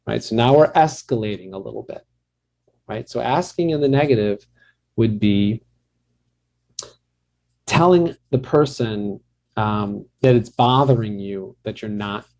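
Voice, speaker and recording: A man's voice: medium pitch, dark tone. A middle-aged man, a marriage counselor, giving a conversational workshop talk to a group and often laughing and calling on participants.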